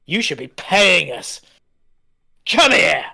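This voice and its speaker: A man's voice: medium pitch, level tone, very fast, creaky. A man doing a snarling brigand thug. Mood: menacing. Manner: shouted threats and sneering taunts.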